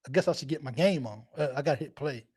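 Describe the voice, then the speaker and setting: A man's voice: fairly high pitch, fast talker, a little mellow, breathy edge. A man hosting a live fan show, chatting casually and rambling, repeating himself and laughing often. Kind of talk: casual live-stream chat.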